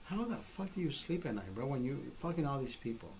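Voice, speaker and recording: A man's voice: mid-range voice, sing-song, fairly quick, vocal fry, a little mellow, slight background noise, rough recording. A man telling a story in a casual, profane rant, emphatic and retelling exchanges as dialogue. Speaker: vlogger.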